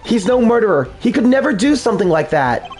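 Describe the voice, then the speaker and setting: A gentle, apologetic young woman as a man puts her on, her voice raised a bit and very lively in pitch. She speaks softly and earnestly, with polite, shaken phrasing, in a fan dub of a game. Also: brisk, soft background music.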